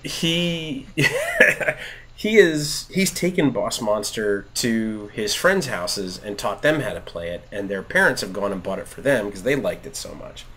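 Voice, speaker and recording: Brief: man, 30s, casual gaming podcast co-host, lively storyteller who acts out dialogue, laughs a lot. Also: lowish voice, unhurried, a little hiss or hum. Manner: animated storyteller, acts out quotes, laughs often. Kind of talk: casual chat while gaming.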